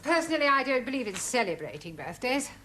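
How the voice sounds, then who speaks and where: A woman's voice: high-pitched, big pitch swings, fast talker, pushed and bright, slight background noise, full character voice. An actress playing a stern female school principal who speaks in a prim, formal, cold way.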